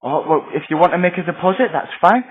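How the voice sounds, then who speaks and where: A prim, polite bank teller lady answers in an even, courteous way, as a man puts her on. The voice sits a little high. The audio is dull and lo-fi. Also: fast, slight background noise, natural voice. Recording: dull lo-fi home video audio.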